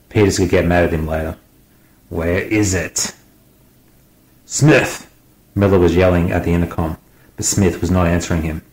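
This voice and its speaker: A man reading an audiobook aloud in a steady, dramatic manner. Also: low-pitched, echoey room, poor audio. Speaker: guest audiobook narrator. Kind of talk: scripted audiobook narration.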